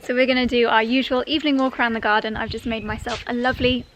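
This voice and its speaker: A woman's voice: a little high, flat delivery, quick pace, a bit bright. A woman chatting upbeat to her viewers in a lifestyle vlog, calling them darlings. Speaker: vlogger. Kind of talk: casual vlog chat. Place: home and garden.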